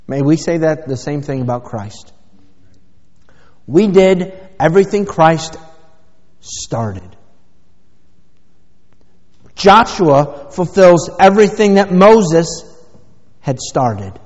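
A male pastor with a fairly high, darkish voice delivers an emphatic sermon in a church sanctuary, punctuating his points with rhetorical questions. Dull lo-fi audio and long church reverb color the clip.

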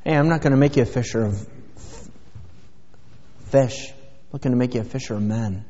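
A pastor's sermon fills a church sanctuary: medium pitch, moderate pace, dark tone. He's emphatic, pushing his points through rhetorical questions, and the dull lo-fi recording is soaked in long church reverb.

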